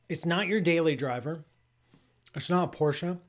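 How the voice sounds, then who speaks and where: This man's voice is fairly high and moves at normal speed. As the astrophysicist host of a live call-in space show, he keeps the live-stream chat casual, tasting food with playful enthusiasm and restarting often amid lots of "like."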